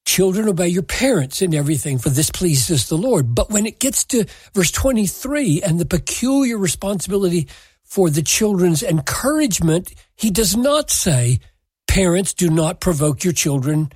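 A Bible teacher answering a listener's question in measured scriptural teaching, deliberate and emphatic, quoting scripture word for word. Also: mid-range voice, very animated, a little mellow, husky, no echo.

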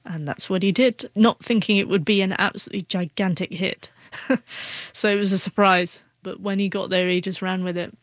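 A woman's voice: medium pitch, steady tone, fairly quick, no echo. A woman who stutters, answering questions as a guest author in a radio interview. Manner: speaks with a stutter, repeating first sounds.

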